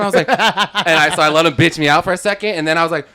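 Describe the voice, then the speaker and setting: Fast-talking man telling stories. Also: on the high side. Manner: animated storyteller who acts out quotes, swears freely. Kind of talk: casual podcast chat.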